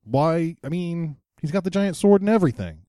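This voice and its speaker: A man's voice: sits high, lively intonation, fast talker, warm tone, dry recording, clean studio sound. A young man co-hosting a podcast, casually recapping a cartoon episode in a playful way and slipping into silly voices. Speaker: podcast co-host.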